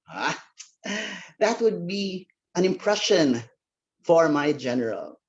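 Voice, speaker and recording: Guy doing a comedy speech, lively swooping pitch, dull muffled recording. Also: slow pace. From Philippines. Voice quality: playful, theatrical delivery. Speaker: speech contestant. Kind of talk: humorous contest speech.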